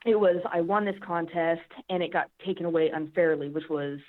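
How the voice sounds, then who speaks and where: A woman athlete telling a story in casual interview chat, emotional and animated, with lots of fillers. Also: on the low side, brisk. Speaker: podcast guest, strongwoman athlete. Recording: phone-line quality.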